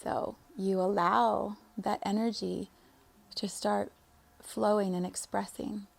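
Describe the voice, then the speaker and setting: A young woman, a spiritual coach, giving an earnest motivational monologue, laughing often and sometimes dropping to a soft whisper. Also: mid-range voice, level tone, takes it slowly, vocal fry.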